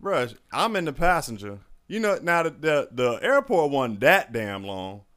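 A man's voice: fairly high pitch, sing-song, measured pace, a bit bright. A man hosting a podcast, loose and joking in casual chat. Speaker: podcast host.

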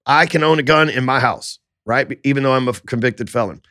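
A man telling his life story on a podcast in a profane, animated way. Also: medium pitch, brisk, no room sound, clean studio sound.

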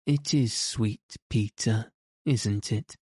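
A prim, earnest young girl playing mother to a household of children, as a man reading the storybook puts her on. The delivery is slow and low, with a warm, mellow tone. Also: slightly rough, dry recording, studio quality.

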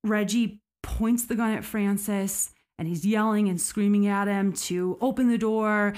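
A woman's voice: medium pitch, fairly even intonation, a little slow, darkish tone, smooth. A woman hosting a podcast, telling a true story in a casual, conversational way with frequent fillers. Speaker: podcast host.

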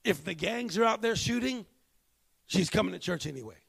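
A male pastor preaching a sermon, telling a story and moving between hushed, slow moments and emphatic bursts. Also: high voice, animated, gravelly, breathy edge.

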